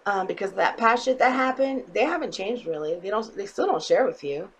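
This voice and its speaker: A woman's voice: medium pitch, lively intonation, fairly quick, low-quality recording. A woman giving a casual tarot reading to her viewers, blunt and emphatic, swearing freely and often checking in with "okay?". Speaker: tarot reader.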